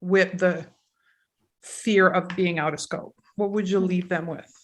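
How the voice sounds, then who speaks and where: A woman hosting a podcast panel, steering the talk with direct questions and quick affirmations. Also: on the low side, fairly even intonation. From Canada. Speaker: podcast host. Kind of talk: casual panel discussion.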